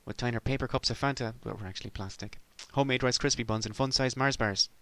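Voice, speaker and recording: Sardonic man, middle-aged, rambling comic monologue, dry close sound, mid pitch. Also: quick pace, fairly bright tone, dry recording. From Ireland. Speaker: podcast host.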